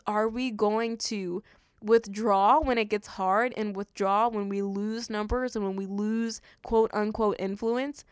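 A woman with a lilt talks through scripture in a relaxed, chatty way, slipping into quoted voices as she goes. Her voice sits a little high, and the recording is close and dry with no room sound. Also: smooth, no echo. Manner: conversational, animated, acts out quotes with "he's like". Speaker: podcast host. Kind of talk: casual Bible study podcast.

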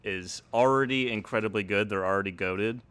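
A man with a very deep voice and a bright, forceful edge, chatting as a podcast guest. He is reflective and enthusiastic, often murmuring agreement while the host talks. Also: fairly quick, clean tone. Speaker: podcast guest, video essayist. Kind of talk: casual podcast conversation.

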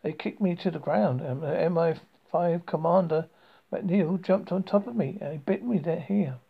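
A detached, clinical man , voiced by the story's reader, speaks with unsettling calm and halting restarts. The voice is gravelly and husky. The recording sounds dull and lo-fi. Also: mid-range voice. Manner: detached, matter-of-fact. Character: cold clinical man who studies captive humans.

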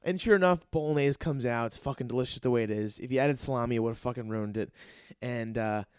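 A man's voice: mid-range voice, fast, clear, resonant tone, no room sound, studio quality. A young man hosting a comedy podcast, telling a story in a casual, profane and rambling way. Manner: excitable, profane, rambling with restarts. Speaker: podcast host and aspiring comedian.

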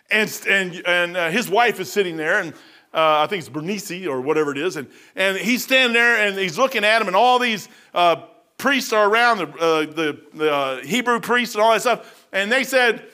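A man preaching a sermon from the pulpit, telling stories in a folksy way, often saying "man", and swinging from loud outbursts to hushed asides. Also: sits high, animated, a little fast. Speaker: pastor. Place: church.

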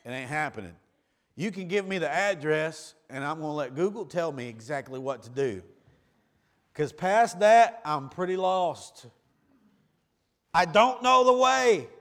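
A male pastor, preaching a sermon that swings between quiet, low asides and loud, raised cries. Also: animated, a little slow.

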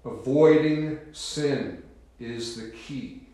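A man preaching a sermon in a solemn, emphatic, deliberate manner, pausing to stress key words, in a church. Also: mid-range voice, mellow. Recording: very echoey room.

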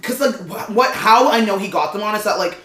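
Bright-voiced man telling a wild story. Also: high voice, a little fast. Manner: animated storytelling, acting out voices. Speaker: guest comedian. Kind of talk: casual podcast chat. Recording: roomy echo.

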